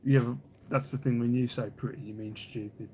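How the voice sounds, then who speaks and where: A man's voice: medium pitch, steady tone, fairly quick, dark tone, slight background noise. A man hosting a casual live stream, rambling, teasing, and reading viewer comments aloud. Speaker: livestream host.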